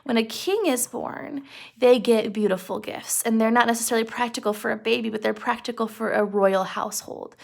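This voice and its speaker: A woman's voice: on the high side, steady tone, a little fast, vocal fry, a little mellow. A young woman casually retelling a story as a lesson, chatty with frequent fillers and rhetorical questions. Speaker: teacher explaining a story.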